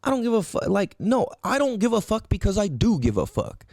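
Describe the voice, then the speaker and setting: A man's voice: high voice, a little fast, no echo, clean studio sound. A man hosting a solo podcast, ranting in a profane, rambling way with lots of emphatic rhetorical questions. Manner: profane, animated, rambling rant. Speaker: podcast host.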